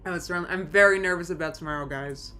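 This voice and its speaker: A woman's voice: lowish voice, racing, bright, forceful tone. A woman streaming from home, chatting casually with her live chat in a rambling, anxious way, full of restarts. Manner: rambling, anxious, many restarts and nervous laughs.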